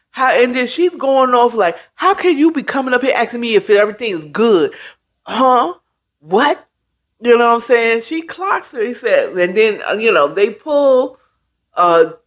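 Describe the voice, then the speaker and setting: A woman recapping a story in a loose, chatty way, full of slang and side comments. Her voice sits somewhat high, swings widely in pitch, and moves at an unhurried pace. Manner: chatty, slangy, animated retelling with asides. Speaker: host retelling a book.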